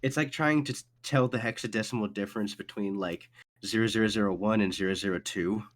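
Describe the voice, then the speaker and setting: A man's voice: on the low side, fairly quick. A man narrating a tabletop game as game master, talking in a casual, rambling and profane way.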